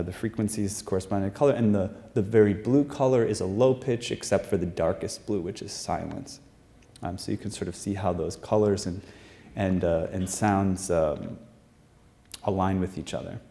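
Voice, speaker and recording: Halting man giving a live science talk. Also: fairly low pitch, gravelly, dark tone. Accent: American. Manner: halting, many fillers and restarts, explanatory. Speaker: researcher presenting his study. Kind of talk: live lecture presentation. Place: performing arts center stage.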